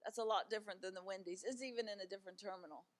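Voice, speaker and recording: A middle-aged woman giving a talk as a guest speaker, telling personal stories in a conversational, animated way with frequent fillers. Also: medium pitch, racing. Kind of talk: personal storytelling talk to an audience. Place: church event.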